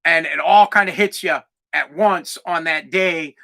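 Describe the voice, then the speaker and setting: Bright high-voiced man in his forties. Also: measured pace, creaky. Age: 40s. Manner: emphatic, profane and fired-up. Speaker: podcast host. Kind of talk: solo podcast monologue.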